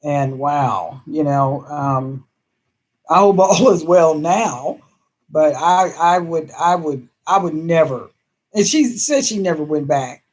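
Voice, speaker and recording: A woman's voice: low voice, lively intonation, slow, a little mellow. A woman hosting a casual live stream who reads viewer comments aloud, talking in a chatty, emphatic way and laughing often. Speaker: livestream host reading viewer comments.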